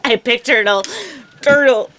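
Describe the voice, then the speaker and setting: A woman's voice: on the high side, a little slow, sharp tone, slight background noise. A woman co-hosting a podcast, teasing her partner and giggling through casual, crude banter. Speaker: podcast co-host.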